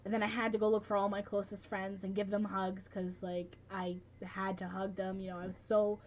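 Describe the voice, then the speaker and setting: A woman's voice: mid-range voice, flat delivery, normal speed, darkish tone, a little hiss or hum, rough recording. A teenage girl recapping events in a casual vlog, chatty and full of filler words like "like" and "you know". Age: late teens. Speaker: vlogger.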